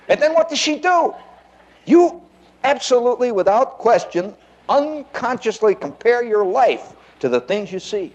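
Guy doing stand-up, high voice, laughs a lot, keeps asking the crowd questions. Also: measured pace, dull audio. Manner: animated storytelling, frequent laughter, rhetorical questions to the audience. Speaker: comedian. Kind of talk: stand-up comedy routine.

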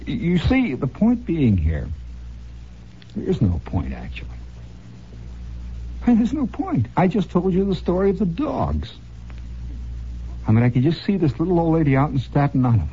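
A man's voice: on the high side, wildly swooping pitch, moderate pace, long pauses, husky. A man hosting a radio show, telling wry, sardonic stories in a rambling monologue, heard on a dull lo-fi old radio broadcast. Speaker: radio host.

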